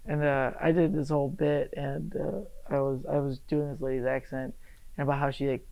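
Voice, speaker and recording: A man's voice: mid-range voice, level tone, moderate pace, gravelly, warm tone, slight background noise, rough recording. A young man co-hosting a podcast, casually telling rambling stories, swearing, sometimes losing his thread. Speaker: podcast co-host. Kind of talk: casual chat.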